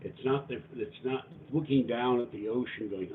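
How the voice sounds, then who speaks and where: A man hosting a casual livestream, rambling through viewer comments in a halting, chatty way with lots of fillers and restarts. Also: medium pitch. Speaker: livestream host reading viewer donations and comments. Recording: tinny phone-like audio with faint noise.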